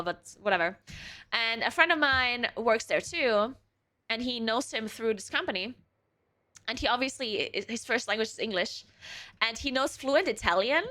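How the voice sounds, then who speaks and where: Bright-voiced chatty young woman streamer. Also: fairly high pitch. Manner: chatty, swears freely, laughs often. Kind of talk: casual chat with stream chat.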